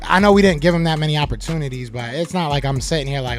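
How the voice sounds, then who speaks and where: A man hosting a live sports podcast, reading chat comments aloud and answering them with animated trash talk. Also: on the high side, fast, hardly any pauses, faint music behind.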